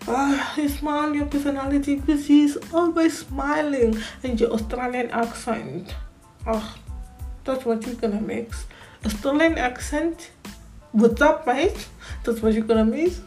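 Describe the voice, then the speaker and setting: A woman's voice: high voice, measured pace, a little mellow, faint music behind, low-quality recording. A woman giving casual fan commentary on a vlog, chatty, repeating words as she talks things over. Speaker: Formula One fan vlogger.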